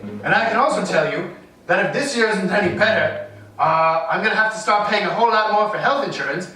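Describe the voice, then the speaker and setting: Guest spot: high-voiced man, self-deprecating rambler, distant mic in an echoey room. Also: brisk, sharp tone. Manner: self-deprecating, wanders off on tangents. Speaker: street artist guest. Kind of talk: rambling interview chat.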